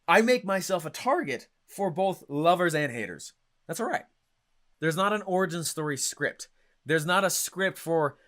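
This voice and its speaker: A young adult man coaching on marketing, talking in an energetic, punchy way and often checking in with "right?" and "okay?". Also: a little high. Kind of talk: stage-style teaching talk.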